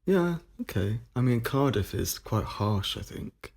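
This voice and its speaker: A man's voice: mid-range voice, sing-song, a little slow, creaky, a little mellow, slightly rough. A man from Somerset with a near-standard southern English accent, chatting casually on a podcast in a thoughtful, hesitant way with many fillers. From Somerset, England.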